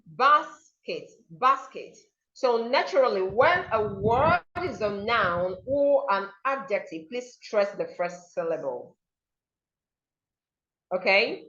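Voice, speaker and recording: A woman's voice: medium pitch, dull audio. A woman teaching a pronunciation seminar, saying example words over and over to model the stress. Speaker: diction teacher.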